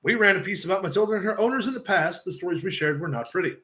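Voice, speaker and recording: A man's voice: sits high, animated, very fast, pushed and bright, roomy sound. A man hosting a casual podcast and reading a script aloud in a blunt, loose way. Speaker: podcast host.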